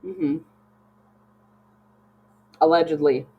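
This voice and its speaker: A woman co-hosting a casual podcast chat, expressive and swearing casually as she jokes. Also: drawn-out words, a crowd in the background. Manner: expressive, swings high when joking, swears casually. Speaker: podcast co-host. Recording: dull lo-fi mic with faint hum.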